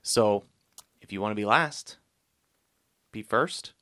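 A man with a bright, forceful tone and a lowish voice, talking through scripture in a relaxed podcast conversation. He is chatty and laughs easily, slipping into playful voices when he quotes people. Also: slow. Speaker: podcast co-host. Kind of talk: casual Bible discussion.

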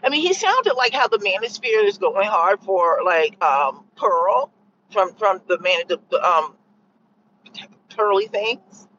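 A woman's voice: medium pitch, animated, measured pace, fairly bright tone, dull audio, a little hiss or hum. A woman giving her opinions in a casual, rambling vlog, sarcastic and full of fillers, seemingly recorded in a car. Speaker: vlogger sharing opinions.

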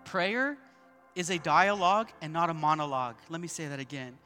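A man's voice: fairly high pitch, lively intonation, fairly quick, bright, forceful tone, faint music behind. A male pastor preaching a sermon at a church service, emphatic, repeating key points and calling out to the congregation.

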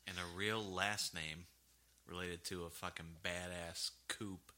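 Male podcast co-host, low and bright-edged, deadpan and blunt, faint noise floor. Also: measured pace. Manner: blunt, dry, swears freely. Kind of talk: casual chat.

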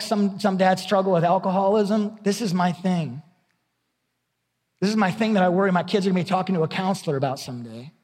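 A man's voice: high-pitched, darkish tone, in a large hall. A middle-aged man preaching a sermon as pastor, candid and conversational, often repeating his words.

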